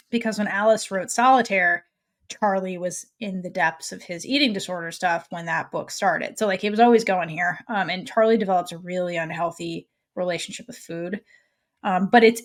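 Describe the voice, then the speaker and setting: A young adult woman co-hosting a podcast, recapping an episode in casual chat, acting out the characters' lines with swearing and laughter. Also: on the low side. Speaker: podcast co-host.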